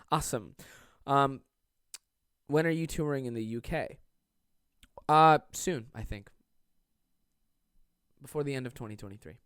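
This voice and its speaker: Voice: mid-range voice, unhurried, pauses often, fairly bright tone, clear, resonant tone, no echo, studio quality. A young adult podcast host giving casual, sarcastic, profanity-laced advice to listener questions from a home desk.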